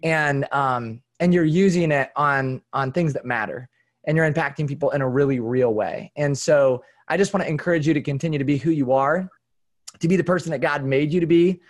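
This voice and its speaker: Man, podcast host, effusive, affirming, slightly high voice. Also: a little fast. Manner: effusive, affirming, praises the guest. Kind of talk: podcast conversation.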